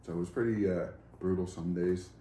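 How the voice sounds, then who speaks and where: A man with a very low voice chats in a loose, rambling way and pokes fun at himself. He sounds relaxed and unhurried. The room is echoey, with a faint hiss underneath. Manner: laid-back, rambling, self-mocking. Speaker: co-host. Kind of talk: casual chat. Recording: roomy garage with faint background noise.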